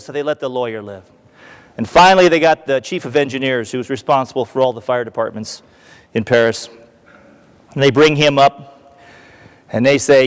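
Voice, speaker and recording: An American man giving a conference talk as a keynote speaker, an animated storyteller who acts out what the crowd shouts. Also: a little high, a little fast, big-room sound. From United States. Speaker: keynote speaker, retired army colonel. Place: large conference hall.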